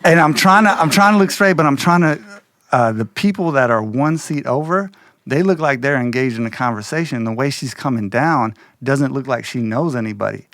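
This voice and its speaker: A man's voice: medium pitch, normal speed, no room sound. Slangy Midwestern man telling a story. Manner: loose, slangy, animated retelling with quoted voices. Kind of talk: casual spoken storytelling.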